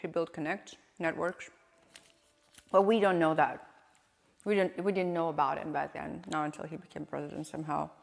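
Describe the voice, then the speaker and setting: A woman's voice: low-pitched, flat delivery, moderate pace, gravelly, big-room sound. A woman streamer chatting casually, rambling and asking questions as she reacts to clips. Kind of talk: casual live-stream chat.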